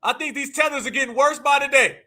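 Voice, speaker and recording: Male stream host, very high voice with a sharp edge, mocking and preachy, breaks into shouts. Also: fast. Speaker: livestream host. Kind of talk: live commentary stream.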